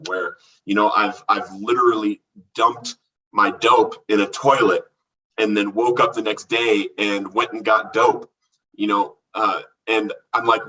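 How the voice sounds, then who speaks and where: Husky-voiced man telling his recovery story. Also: fairly low pitch, sharp tone, distant mic, lo-fi sound. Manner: earnest, halting, with many fillers and restarts. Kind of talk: candid testimony in a podcast conversation.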